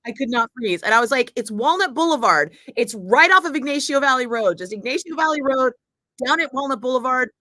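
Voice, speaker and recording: A woman in her forties, a radio host, telling a story in casual chat, animated, swearing freely and acting out the people she quotes. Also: high voice, brisk, no room sound, low-quality recording. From Northern California.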